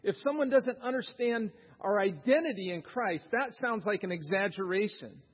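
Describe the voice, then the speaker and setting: A man's voice: high voice, expressive, moderate pace, slightly rough. A man preaching a sermon in a church, talking conversationally and putting questions to the congregation. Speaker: pastor. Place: church sanctuary. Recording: dull reverberant church recording.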